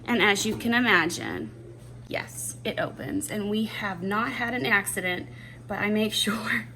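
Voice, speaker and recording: A woman chatting casually while she cooks at home, self-deprecating and thinking out loud as she works. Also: mid-range voice, lively intonation, a little slow, slight background noise. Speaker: homeschooling mom cooking on camera. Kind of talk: casual cooking chat. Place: home kitchen. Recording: distant mic with clattering dishes behind.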